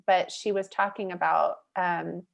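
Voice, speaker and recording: A woman's voice: on the low side, a little slow, vocal fry. Chatty woman telling her story. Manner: animated, chatty, peppered with "like" and "you know"; laughs easily while telling stories. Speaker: guest, mindset coach and facilitator. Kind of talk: candid personal storytelling in a podcast interview.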